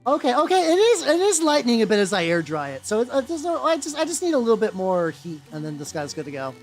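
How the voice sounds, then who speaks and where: Animated, swearing streamer rambling while painting. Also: mid-range voice, quick pace. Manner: rambling and profane, many fillers and restarts. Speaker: VTuber streamer painting miniatures. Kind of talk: casual live-stream chat while working. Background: faint background music.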